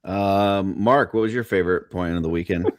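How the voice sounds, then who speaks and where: Lower-voiced rambling podcast man. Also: moderate pace, no echo, studio quality. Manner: rambling, asks the questions. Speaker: podcast co-host. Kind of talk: casual chat.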